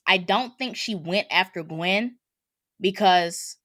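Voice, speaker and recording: A woman's voice: on the low side, slow, fairly bright tone, no room sound, studio quality. A woman co-hosting a podcast, casually and animatedly talking through movie details. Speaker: podcast co-host. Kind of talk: casual chat.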